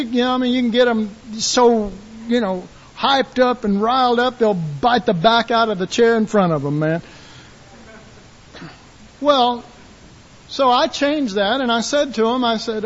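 High-voiced folksy preacher, lo-fi sound. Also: male voice, normal speed. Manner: folksy and animated, acting out quotes, shouting call-and-response. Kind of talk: sermon.

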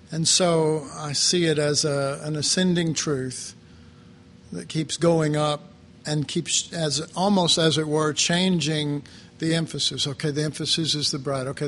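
Male preacher, fairly high voice, slow halting sermon delivery, faint low rumble behind. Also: fairly bright tone. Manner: slow, halting, reflective, with many pauses and fillers.

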